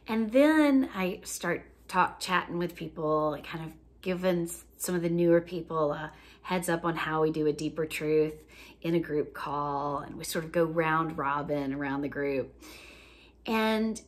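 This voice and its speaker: A woman's voice: deep voice, a little slow. A woman coach casually telling a funny story, easygoing, with frequent fillers and laughter. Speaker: joy coach.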